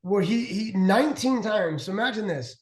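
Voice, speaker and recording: A man in his forties, a former pitcher who is a guest on a show, telling long stories in a rambling way with many restarts and fillers. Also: lively intonation, moderate pace. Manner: rambling, restarts a lot, heavy "like". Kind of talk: casual storytelling chat. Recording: roomy echo.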